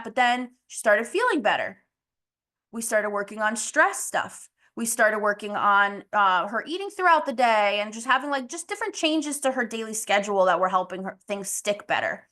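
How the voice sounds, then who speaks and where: A woman with a slightly high voice talks as a health coach in a casual podcast monologue. She is candid and blunt, and often laughs and swears offhandedly. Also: animated, normal speed, fairly bright tone.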